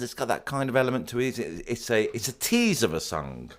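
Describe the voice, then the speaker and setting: A man co-hosting a casual pop music podcast, animated, laughing often and singing snatches of songs. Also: medium pitch, fairly quick, few pauses. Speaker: podcast co-host.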